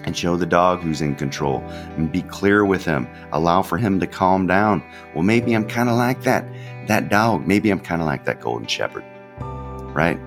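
A man's voice: deep voice, lively intonation, normal speed, faint music behind. A man, a pastor hosting his own podcast, giving an unscripted devotional talk in a candid, conversational way, often repeating his phrases.

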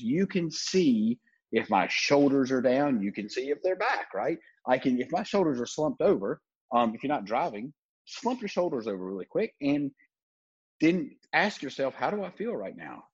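A man's voice: medium pitch, a little mellow, breathy edge, dull audio. A man hosting a podcast, giving blunt, profane sales coaching in a casual talk. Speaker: podcast host.

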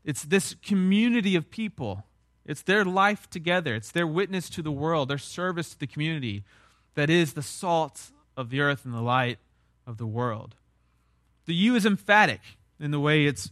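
A young man delivers a sermon in a relaxed, conversational style. He leans on key words with emphasis as he explains, his voice sitting a little high. The sound is close and dry, with no room echo. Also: moderate pace. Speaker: pastor.

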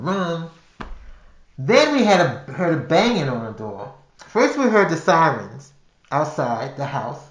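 Older guy telling a story, rambly, keeps restarting, sounds roomy. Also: on the high side. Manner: rambling, with frequent restarts and repeated words. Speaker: podcast storyteller. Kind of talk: casual spoken storytelling. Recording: roomy echo.

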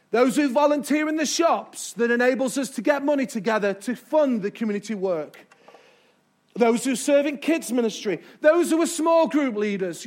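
A man preaching a sermon to a live congregation, emphatic and stretching key words as he draws in the crowd. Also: extremely high pitch. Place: church before a live congregation.

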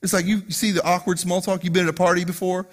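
Guy preaching, high voice, animated, acts out little scenes quietly. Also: quick pace. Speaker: lead pastor. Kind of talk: sermon.

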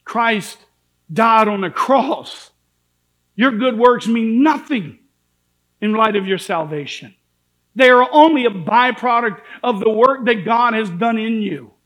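A man preaching a sermon in a church, impassioned, swinging between shouted warnings and low pleading. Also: animated, slow, poor audio.

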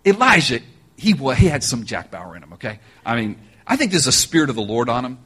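Husky-voiced pastor preaching. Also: male voice, mid-range voice, brisk. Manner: animated storytelling with joking asides; addresses listeners directly. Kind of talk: sermon.

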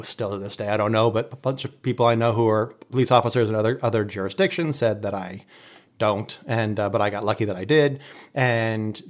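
A man chatting casually and telling a story in an animated, loud, excitable way. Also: medium pitch.

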